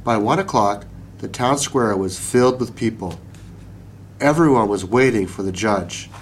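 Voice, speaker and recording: Slow-reading man telling a storybook. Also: fairly low pitch, slight background noise, low-quality recording. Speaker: narrator.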